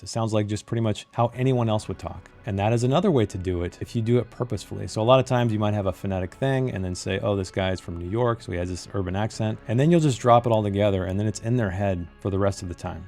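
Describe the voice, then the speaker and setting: Low, mellow-voiced man reviewing a book. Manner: emphatic, repeats key phrases for effect. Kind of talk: critical book review monologue.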